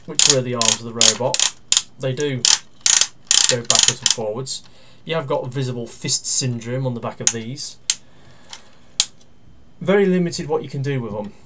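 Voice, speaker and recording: Man talking over clicking plastic noise. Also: medium pitch. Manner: talks through steps while handling a toy, with pauses and fillers; dryly critical and grumbling. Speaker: toy reviewer. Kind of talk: casual toy review and demonstration.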